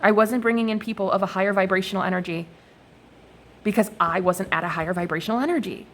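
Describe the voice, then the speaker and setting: In a fast, mid-range voice, this young woman pulls oracle cards and talks to her viewers. Her monologue is loose, rambling and full of profanity, with lively, expressive storytelling.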